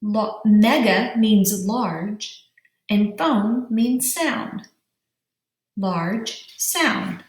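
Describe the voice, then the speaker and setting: A woman's voice: mid-range voice, lively intonation, echoey room. A woman teacher giving a vocabulary lesson to young children, stretching out words and spelling letters aloud. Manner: slow, drawn-out syllables, spelling letters aloud.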